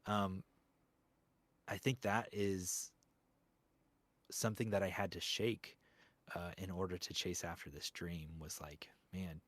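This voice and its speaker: A man's voice: low-pitched, fairly even intonation, slow, long pauses, fairly bright tone, dry recording. A man, a voice actor, talking reflectively in a casual interview, rambling with lots of fillers. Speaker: guest voice actor.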